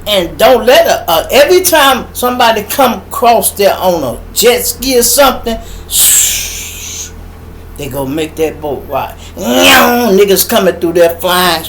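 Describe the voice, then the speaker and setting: A middle-aged man with a Chicago accent hosting a podcast, telling a story in an animated, profane monologue and acting out voices and sound effects. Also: high-pitched, normal speed, gravelly, hardly any pauses, a little hiss or hum, poor audio. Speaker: podcast host.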